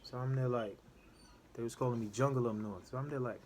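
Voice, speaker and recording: A man spins a long, casual story in loose street talk, keeping his listener with him through constant "you know what I'm saying" check-ins. His voice sits at an ordinary middle pitch. Faint background noise hums under the recording. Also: fairly quick, darkish tone.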